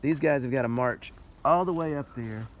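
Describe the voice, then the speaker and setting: Walking outdoors on a hillside, a man acting as a tour companion explains history to the person with him. His medium-pitched voice at normal speed is patient and matter-of-fact in this casual chat. Road noise carries through the outdoor recording.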